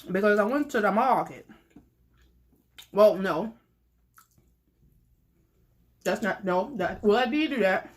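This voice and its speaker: A woman's voice: mid-range voice, animated, moderate pace. A young woman chatting playfully to her viewers while eating, laughing often as she talks. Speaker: mukbang vlogger. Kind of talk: casual chat while eating.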